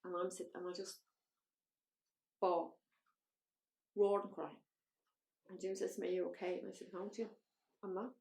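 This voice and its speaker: A woman's voice: fairly low pitch, level tone, normal speed, gravelly, long pauses, darkish tone, reverberant. An Irish woman, a podcast guest, recounting her own story bluntly and emotionally, with frank swearing. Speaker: interview guest. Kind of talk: personal storytelling in a podcast interview.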